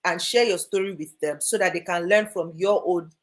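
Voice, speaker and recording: A woman with a Nigerian accent speaking as an energetic, emphatic guest in an interview. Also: lowish voice, normal speed. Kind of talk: lively interview talk.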